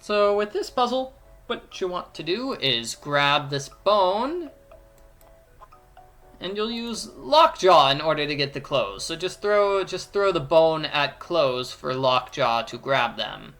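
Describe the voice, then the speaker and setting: With a fairly high, sing-song voice and a fairly bright tone, this man talks slowly through an adventure game as a let's play commentator. He's playful, explains each step, and jokes and puts on voices over soft background music.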